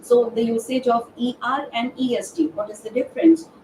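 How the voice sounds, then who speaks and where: A woman's voice: fairly high pitch, a little fast, mellow, recorded from a distance. Female grammar trainer, live webinar, question-and-answer delivery, hesitant fillers. Echoey room, faint background noise. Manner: poses questions to the class and answers them herself; hesitant, frequent "uh" fillers and restarts. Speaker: verbal aptitude trainer. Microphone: distant from the microphone.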